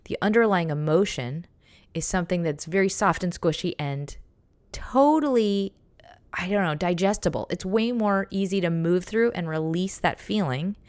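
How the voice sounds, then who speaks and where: Low-voiced woman giving reflective advice. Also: darkish tone, no echo. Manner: reflective and conversational, with frequent restarts. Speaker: journaling guide. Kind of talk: casual self-help talk.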